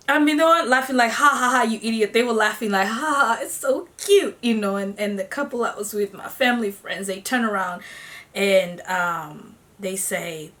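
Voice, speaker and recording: A young woman from Africa telling a personal story to her vlog viewers, animated and chatty, calling them y'all. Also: medium pitch. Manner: animated, acts out her own squeals and gasps. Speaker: vlogger. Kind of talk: casual storytelling.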